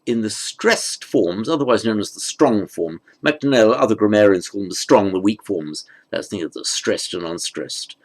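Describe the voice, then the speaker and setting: A man's voice: on the low side, lively intonation, normal speed, hardly any pauses. A man teaching an online grammar lesson, thinking aloud with fillers and restarts and muttering asides under his breath. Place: at a desk with a tablet.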